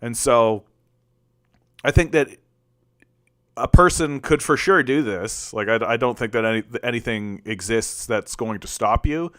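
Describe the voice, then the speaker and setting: Guy from canada doing a chatty political stream, smooth clear voice, dry close mic, keeps restarting his sentences. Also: medium pitch, a little slow, a bit bright, no room sound. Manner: rambling, with many restarts and filler likes. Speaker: political commentary host. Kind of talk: casual livestream commentary answering chat.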